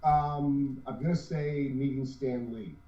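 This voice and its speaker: A man's voice: medium pitch, steady tone, takes it slowly, dark tone, a little hiss or hum. A man, co-owner of a cosplay group, talking earnestly in a casual interview with many restarts. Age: 50s. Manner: rambling, earnest, restarts often. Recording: roomy, distant, dull lo-fi sound.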